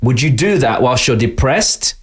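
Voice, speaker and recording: A middle-aged Englishman with an East London accent speaks at a moderate pace in a medium-pitched voice. Guesting on a podcast, he tells stories casually and with energy, doing voices for the people he quotes.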